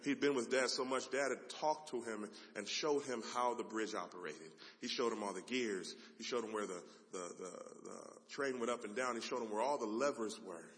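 A man preaching a sermon as a dramatic story, swinging from loud passages to hushed ones. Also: medium pitch, normal speed, hardly any pauses. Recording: long hall reverb.

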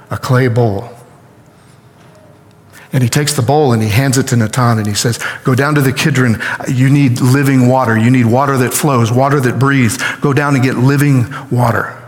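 A man preaching a sermon as a story, acting out the quoted lines with lively energy. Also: medium pitch, big-room sound. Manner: animated retelling with acted-out quotes. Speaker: pastor.

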